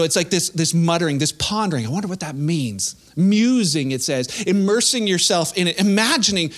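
Young guy pastor, high voice, super casual sermon, lots of goofy acted-out asides. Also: expressive, a little fast, hardly any pauses. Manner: casual, conversational preaching with playful acted-out asides.

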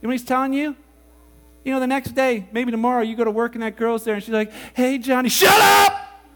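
A man preaching a sermon, animated and casual, acting out quoted voices as he goes. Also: extremely high pitch, fast talker. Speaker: pastor.

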